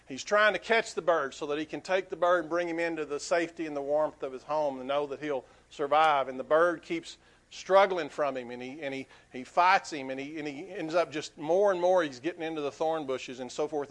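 A man's voice: a little high, brisk, fairly bright tone. A man preaching a sermon as pastor, telling a story earnestly with frequent restarts.

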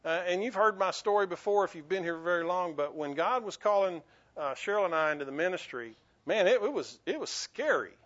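A man's voice: sits high, animated, fairly quick, a bit bright. A man preaching a sermon as pastor, earnest and emphatic, often restarting his phrases. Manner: earnest, repetitive restarts, rising to emphatic bursts. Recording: dull lo-fi recording.

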